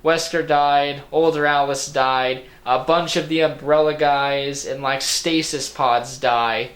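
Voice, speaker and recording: A man's voice: a little high, steady tone, takes it slowly, fairly bright tone. A man giving a casual movie review. He slips into a Boston accent, rambles, jokes sarcastically and swears freely. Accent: slipping into a Boston accent. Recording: roomy room echo.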